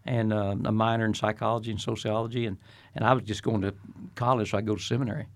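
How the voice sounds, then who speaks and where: A man's voice: on the low side, level tone, quick pace. An older man, a retired pastor, talking earnestly in a preacherly way as an interview guest. He often repeats his first words before finishing a thought. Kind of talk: reflective interview talk.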